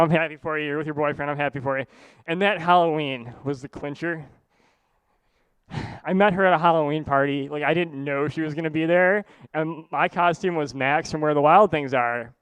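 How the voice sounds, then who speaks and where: Rambling male storyteller, smooth dry voice. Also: on the high side, fairly bright tone, dry recording. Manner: casual, rambling, heavy use of "like". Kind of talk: live personal storytelling.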